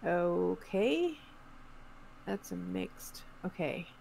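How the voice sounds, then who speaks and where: A woman game master narrating a tabletop game in a relaxed, descriptive, chatty way. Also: on the low side, extremely slow, gravelly, a little hiss or hum, poor audio.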